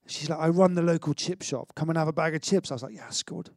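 A middle-aged man preaching a sermon in an energetic, conversational way, with stammered restarts and self-mocking humour. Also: fairly high pitch, fast talker, gravelly, few pauses, dry recording, studio quality. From Wales. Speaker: pastor.

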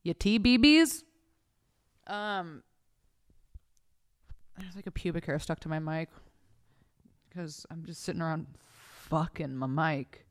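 A woman's voice: deep voice, takes it slowly, pauses often. A young adult woman hosting a podcast from her bed, telling a story in casual, profane chat on a close mic. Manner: profane, animated, acts out voices in her stories. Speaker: podcast host. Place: bedroom at home. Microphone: close mic in front of her face.

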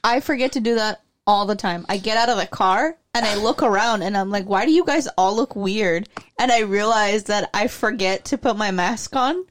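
A young woman in casual podcast chat, reacting with short exclamations and telling quick stories. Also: mid-range voice. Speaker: podcast co-host.

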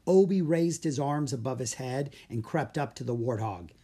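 A narrator reading a children's chapter book with expressive storytelling. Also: medium pitch, moderate pace, breathy edge. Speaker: audiobook narrator.

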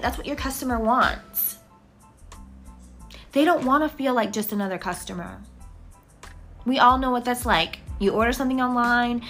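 Brief: higher-pitched woman, chatty podcast host, faint music behind. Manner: lively, chatty, lists things quickly. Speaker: podcast host, brand designer. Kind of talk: casual solo podcast advice. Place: home office.

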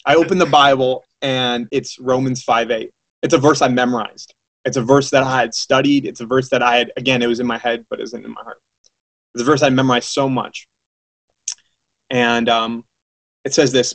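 A man preaching a sermon, telling his own story in a lively way and acting out the voices of the people he quotes. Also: mid-range voice, moderate pace. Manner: animated, acts out quoted voices, many fillers. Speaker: preacher giving his testimony.

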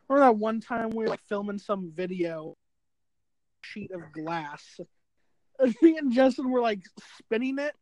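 A young man in a casual chat with friends, chiming in with questions and his own quick story. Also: sits high, a little mellow, no echo, low-quality recording.

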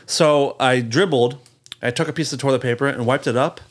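A man hosting a podcast, chatting casually and tossing in quick wisecracks. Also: mid-range voice. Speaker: podcast host. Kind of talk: casual comedic chat.

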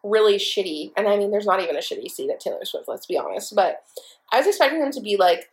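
A young woman hosting her own podcast, telling a story in an excitable, profane, breathless way. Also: mid-range voice, fast. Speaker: podcast host. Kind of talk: casual storytelling monologue.

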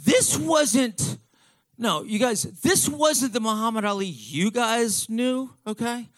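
High, bright excitable storyteller man. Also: slow pace, no echo. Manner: excitable, profane, breathless retelling with restarts. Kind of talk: comic storytelling to an audience.

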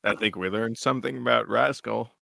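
Gravelly, bright-toned man with dry sound. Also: mid-range voice, fairly quick, dry recording. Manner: wry, keeps the show on track with time checks. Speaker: podcast co-host. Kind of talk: casual chat.

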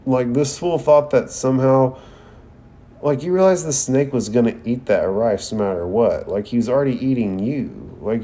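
Male anime reviewer, rambling casual commentary with cursing, mellow and unhurried. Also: medium pitch. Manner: profane, rambling, frequent "like".

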